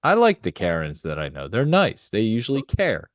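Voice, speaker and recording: Low-voiced young man, rambling chat. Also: huge pitch swings, moderate pace, dry recording, clean studio sound. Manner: rambling, filler-heavy, laughs easily. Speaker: podcast co-host. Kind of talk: casual chat.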